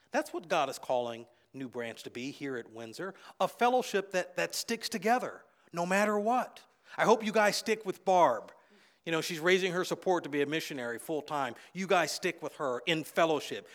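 A middle-aged man preaching a sermon as pastor, an animated storyteller who repeats phrases for emphasis and swings widely in loudness and pitch.

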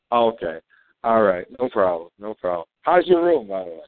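Unhurried, with a fairly low voice and big pitch swings, a company chairman co-hosts a live call broadcast. He rambles with fillers and laughs frequently. The recording is dry and tinny, like a phone line.

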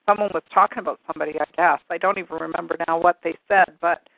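A woman's voice: fairly low pitch, fairly even intonation, fast, gravelly, dry recording. A woman hosting a call-in show, chatting casually and telling a rambling, amused story. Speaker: radio call-in show host. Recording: tinny phone-line sound.

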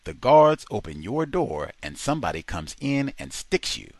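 A man's voice: medium pitch, very animated, normal speed, dry recording, pitched above the performer's own voice. A man doing a swaggering convict with a Spanish accent. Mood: streetwise. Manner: rough, swaggering, profane. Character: tough streetwise male convict, Latino.

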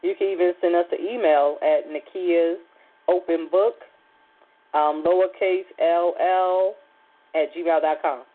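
A woman's voice: fairly low pitch, fairly even intonation, a little slow. Woman radio host, casual and rambling, lots of fillers, heard over a phone-like line. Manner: rambling, personal storytelling with many fillers. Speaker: radio talk show host. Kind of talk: casual chat.

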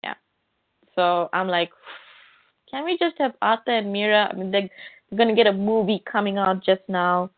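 A woman's voice: medium pitch, moderate pace, long pauses, no echo. A woman co-hosting a casual comic book chat, chatty and often quoting her own reactions. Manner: chatty, quotes herself with "I'm like". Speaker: podcast co-host. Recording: tinny phone-like line, dry.

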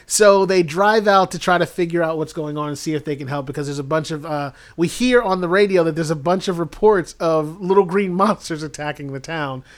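A podcast co-host on a comedy show, his voice on the high side, retells a movie plot briskly with few pauses. He rambles casually and laughs through his own storytelling.

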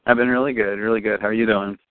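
A man with a lowish voice talks fast and rambles, full of ums as he describes his event. The sound is thin and tinny, like a phone line. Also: little pitch movement, no room sound. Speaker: event organizer guest. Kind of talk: casual interview chat. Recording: tinny, phone-like dry audio.

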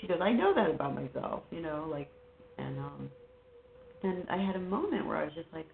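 A woman guest talking casually and haltingly about her life, with many fillers and restarts. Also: low-pitched, very animated, gravelly. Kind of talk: casual personal conversation. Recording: phone-like line with faint noise.

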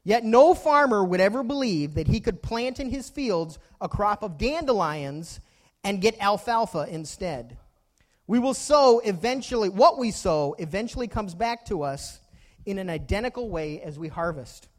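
A pastor preaches from the pulpit in a very high voice, speaking expressively at a moderate pace. He weaves homely stories and direct questions to his listeners into the sermon.

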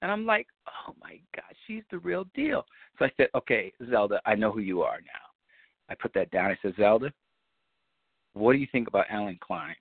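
A man on a community call, telling a long story in a loose, profane way and acting out scenes with high-pitched quotes. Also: big pitch swings, fairly quick, husky, no room sound. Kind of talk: animated storytelling chat. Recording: dry, phone-like line.

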